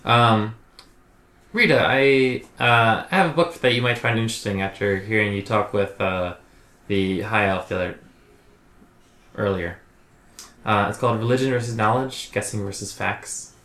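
Hesitant low-voiced male player. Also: normal speed, pauses often, sharp tone. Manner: hesitant, polite, lots of fillers. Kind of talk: in-character tabletop role-play. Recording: roomy echo.

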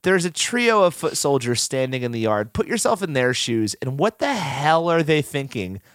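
A man's voice: mid-range voice, big pitch swings, moderate pace, a bit bright, dry recording, clean studio sound. A man co-hosting a podcast, recapping a movie in casual chat, laughing often and acting out lines. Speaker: podcast co-host.

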